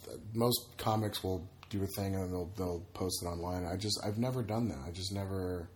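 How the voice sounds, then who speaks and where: A man's voice: low voice, normal speed, darkish tone, slight background noise. A man, a comedian and podcast guest, chatting casually and acting out voices in his stories. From Egypt / United States. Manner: storytelling, acts out voices in anecdotes.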